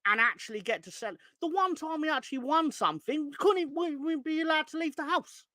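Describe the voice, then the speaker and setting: A man's voice: very high voice, a little fast, pushed and bright, dry recording, clean studio sound. A young man hosting a fan live stream, ranting in an exasperated, sweary way and reading out chat hellos. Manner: exasperated, sweary, rising into angry outbursts. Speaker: fan channel host.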